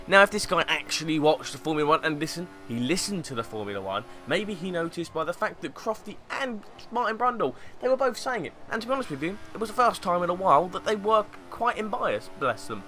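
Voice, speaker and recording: A man's voice: sits high, very animated, a little fast, few pauses, bright, forceful tone, a little hiss or hum. A young man with a sarcastic, mocking manner, reading out fan tweets and commenting on them in a casual way. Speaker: YouTube commentator.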